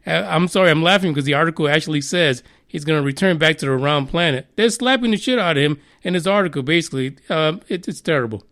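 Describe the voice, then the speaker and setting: A man hosts a podcast news segment in a fairly high voice. He swears freely and mocks the story he reads, often breaking into laughter. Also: fast, hardly any pauses, fairly bright tone. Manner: profane, mocking, laughs while reading. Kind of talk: crude comedic news commentary.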